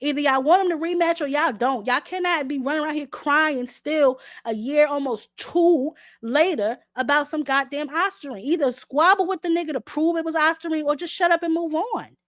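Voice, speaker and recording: Woman host, high voice, hoarse from talking, sassy and blunt, dry close sound. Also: normal speed, hardly any pauses, no room sound. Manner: blunt, sassy, talks back to chat. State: sore throat, voice going. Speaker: boxing show host. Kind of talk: live-stream commentary.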